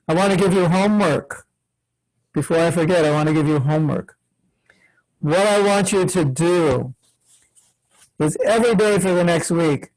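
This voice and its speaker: A man's voice: on the high side, a little mellow, poor audio. An older man, a spiritual teacher, leading an online workshop for children, patient and questioning, acting out examples of chanting. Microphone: video call.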